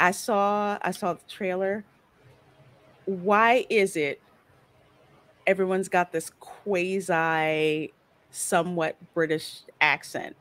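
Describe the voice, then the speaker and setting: A woman's voice: fairly low pitch, a bit bright, dry recording. Woman, livestream host, casual chatty talk, dry close sound. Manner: chatty, reads viewer comments aloud. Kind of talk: casual chat.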